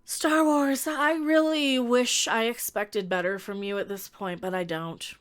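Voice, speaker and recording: Stuffy-nosed woman commentator, high voice, sarcastic and exasperated. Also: fairly even intonation, clear, resonant tone. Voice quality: stuffy, nasal. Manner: exasperated, sarcastic, halting restarts. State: stuffy from allergies. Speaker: YouTube commentator. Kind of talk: casual opinion commentary.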